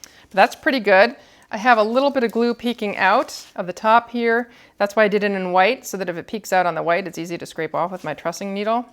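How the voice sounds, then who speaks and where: A woman teaching cookie decorating, calmly explaining each step while she works. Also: mid-range voice, fairly quick. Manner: calm, explanatory, thinking aloud while working. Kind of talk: step-by-step demonstration.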